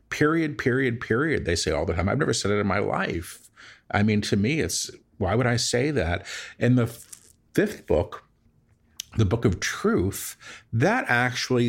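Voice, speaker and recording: Male guest, deep and gravelly, thinks aloud in a loose conversational way. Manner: reflective, rambling, with restarts. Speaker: guest, spiritual medium. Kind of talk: casual conversation. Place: apartment.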